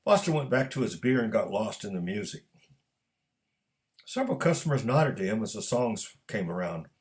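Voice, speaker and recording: A man reading his own story aloud in a measured narrating manner. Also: fairly low pitch, sing-song. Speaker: author and storyteller.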